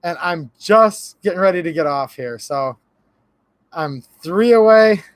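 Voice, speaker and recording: High-voiced jokey livestream host. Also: male voice, a bit bright, no echo. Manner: laughs a lot, reads chat aloud, jokey. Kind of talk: casual live-stream chat.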